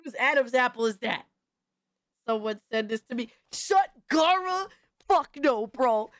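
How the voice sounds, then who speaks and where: A woman hosting a casual livestream, reacting to things in an excitable, slangy, profane way. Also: a little high, moderate pace, no room sound, clean studio sound. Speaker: livestream host.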